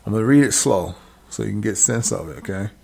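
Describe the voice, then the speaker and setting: A man reading scripture aloud and preaching in a casual livestream, drawing out the verses slowly, then breaking into quick asides and checking that listeners follow along. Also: lowish voice, animated, creaky, mellow, slightly rough.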